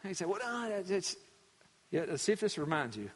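A man's voice: sits high, big pitch swings, normal speed. A male pastor preaching a sermon, hammering home words by repeating them, with frequent fillers. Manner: preachy, repetitive emphasis with many fillers. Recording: long hall reverb.

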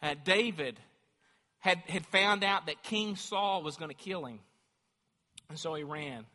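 A man's voice: fairly high pitch, measured pace, sharp tone. A man preaching a sermon as a pastor, speaking with fervent emphasis that rises into emphatic declarations. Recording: long hall reverb.

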